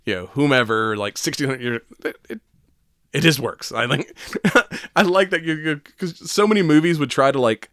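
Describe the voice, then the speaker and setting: A man's voice: on the high side, normal speed, a bit bright, no room sound, clean studio sound. A man co-hosting a casual podcast chat, laughing often, swearing freely and acting out quotes. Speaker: podcast co-host.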